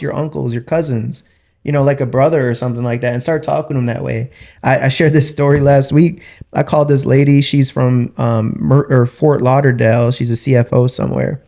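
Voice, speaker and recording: A man talking as a podcast guest in a casual, rambling way, full of "like" and "you know", and quick to laugh. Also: a little high, dark tone. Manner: laughs easily while telling stories.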